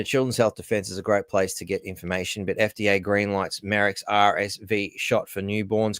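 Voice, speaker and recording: A man's voice: fairly low pitch, a bit bright, clear, resonant tone, no room sound. An Australian man hosting a solo news commentary, talking sarcastically with many asides and fillers. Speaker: host.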